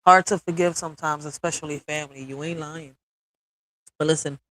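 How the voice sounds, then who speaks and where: A woman's voice: low voice, steady tone, brisk, slight background noise, rough recording. A woman hosting a live stream, talking emotionally and bluntly with lots of cursing, often checking in with "all right?". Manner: emphatic, builds to forceful peaks.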